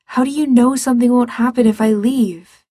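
A woman's voice: a little high, steady tone, moderate pace, dark tone, breathy edge, no room sound, clean studio sound, pitched above the performer's own voice. A woman voicing an anxious young man who insists, in a pleading way, on finding help for his sick brother. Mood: insistent.

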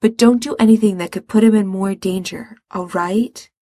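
A woman's voice: medium pitch, fairly even intonation, moderate pace, mellow, no echo, clean studio sound, natural voice. A woman voicing a weary, practical young man who sounds patient but exasperated.

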